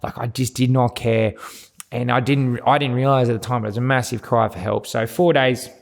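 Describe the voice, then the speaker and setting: Australian male guest, candid storyteller, rambling and frank, gravelly voice. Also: medium pitch, steady tone, brisk. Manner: rambling, frank, swears, many restarts. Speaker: podcast guest. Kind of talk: candid personal storytelling interview.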